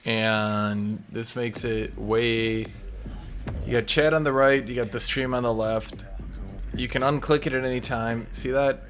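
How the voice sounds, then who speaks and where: A man streaming live, chatting casually and enunciating loudly into a desk mic. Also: steady tone, measured pace, soft background music. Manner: loud, enunciating into the mic, swings to a low normal voice.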